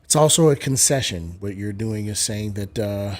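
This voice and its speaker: Male streamer host, lowish voice, lectures callers with emphatic, blunt delivery. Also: normal speed. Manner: lecturing, emphatic, swears casually. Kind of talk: live-stream debate commentary.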